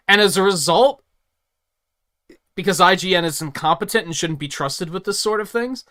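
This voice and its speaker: A man's voice: on the high side, bright, forceful tone. A young man giving casual gaming commentary on a stream, opinionated and swearing freely as he rants. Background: game music.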